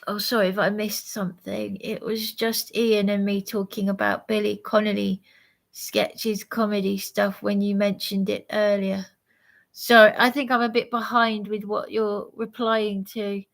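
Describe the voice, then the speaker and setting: Tired woman on a livestream, slow and gravelly, keeps restarting her sentences. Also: mid-range voice, flat delivery. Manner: rambling, hesitant, many restarts. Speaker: livestreamer reading chat. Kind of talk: casual live chat.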